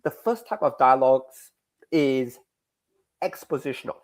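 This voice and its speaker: A man explaining his craft in a relaxed interview, rambling and self-deprecating. His pitch swings widely from line to line. He sounds animated throughout. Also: a little slow. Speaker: comic creator, interview guest. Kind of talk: explaining in a casual podcast interview.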